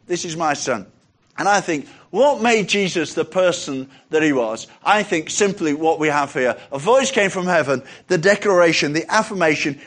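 A man with a high voice preaches a sermon. He is emphatic and poses rhetorical questions, drawing out the key phrases slowly. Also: lively intonation.

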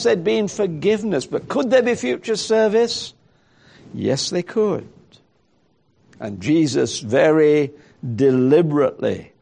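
A man's voice: high voice, vocal fry, a little mellow. A man preaching a sermon in a reflective way, thinking aloud and asking rhetorical questions.

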